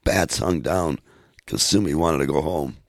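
A man reading a storybook aloud in a measured, steady way. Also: rumbling low, creaky, no echo, clean studio sound. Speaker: narrator.

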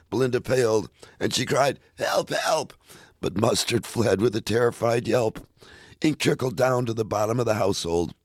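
A man hosting a radio show, reading children's poems aloud in a playful, expressive way. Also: fairly low pitch, gravelly, no room sound, studio quality.

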